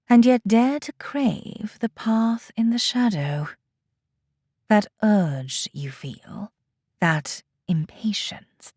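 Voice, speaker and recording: A woman voicing a calm, cryptic alien female elder teacher in a hushed, half-whispered, solemn voice, recorded dry. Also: mid-range voice, breathy edge, no room sound, heavily acted.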